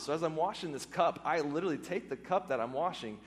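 A man's voice: on the high side, expressive, fast talker, few pauses. A man preaching a sermon as a pastor, earnest, often repeating words and phrases for emphasis. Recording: long hall reverb.

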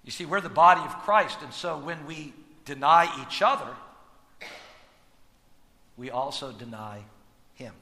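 A man preaching a sermon as pastor, with dynamic delivery that swings from hushed lines to loud, emphatic ones. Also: on the high side, unhurried, pauses often, long reverb tail.

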